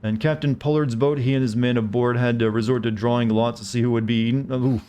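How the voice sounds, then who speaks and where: A man's voice: medium pitch, fairly even intonation, quick pace, mellow, clear, resonant tone. Chatty Southern US man streaming. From Southern United States. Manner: rambling, chatty, answers chat comments. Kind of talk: casual chat while gaming.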